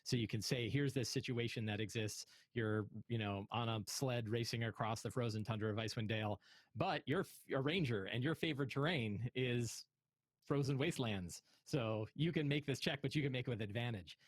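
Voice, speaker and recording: A man's voice: mid-range voice, a little fast, no room sound. A man game master on a panel, explaining earnestly and often repeating words. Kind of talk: casual panel discussion.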